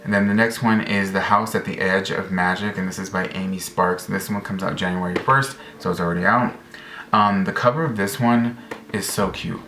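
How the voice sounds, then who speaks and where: A man casually chatting to camera about upcoming books, rambling and excited, full of fillers and restarts. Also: low-pitched, normal speed. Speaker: book vlogger. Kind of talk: casual book chat to camera. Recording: echoey room, faint background noise.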